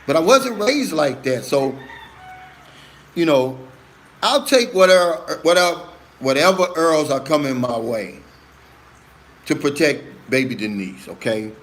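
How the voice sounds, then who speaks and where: A man's voice: fairly high pitch, lively intonation, a little slow, long pauses. A middle-aged man hosting a casual live stream, reading viewer comments aloud and answering them in an earnest, emphatic way, often calling viewers "man" and "brother".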